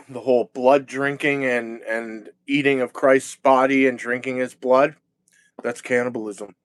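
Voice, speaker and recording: A man talking in a rambling monologue, agitated and profane, halting and restarting his sentences. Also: mid-range voice, a bit bright, clean tone, no room sound. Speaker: vlogger.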